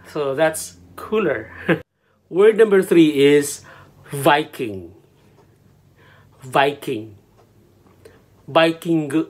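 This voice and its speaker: A Filipino man with a Filipino accent, chatting casually in a teaching vlog and repeating words slowly so viewers can practice saying them. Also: a little high. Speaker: language vlogger.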